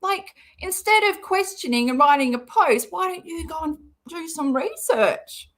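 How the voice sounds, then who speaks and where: A woman's voice: very high-pitched, animated, a little slow. A woman doing casual live-stream commentary, sarcastic and rambling, who swears freely. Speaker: livestream commentator.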